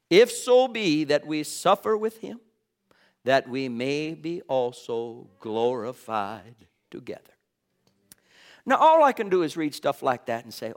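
A man preaching a sermon to his congregation, impassioned, swelling loud and then dropping almost to a whisper. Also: medium pitch, very animated, unhurried.

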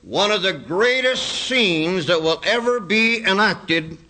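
Male preacher, bright clear tone, measured scripture reading. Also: high voice, expressive, low-quality recording. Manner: earnest, quotes scripture in slow measured cadence. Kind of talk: sermon.

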